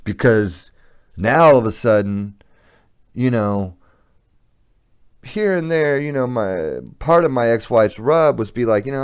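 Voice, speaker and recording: Middle-aged guy on his podcast, cussing and confessing, slow talker, voice goes up and down a lot. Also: mid-range voice, big pitch swings, clear, resonant tone. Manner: profane, blunt and confessional. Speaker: podcast host. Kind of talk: candid storytelling monologue.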